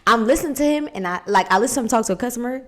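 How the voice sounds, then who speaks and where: A woman from New York in a casual podcast chat with a fairly high voice. She tells lively stories and acts out the people she quotes. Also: very fast. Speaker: podcast co-host.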